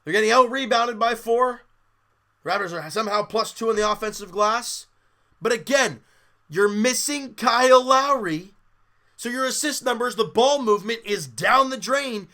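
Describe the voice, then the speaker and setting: A man's voice: very high voice, normal speed, bright, forceful tone. A man hosting a sports podcast, candidly and exasperatedly breaking down a live basketball game like a fan. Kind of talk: casual live game commentary.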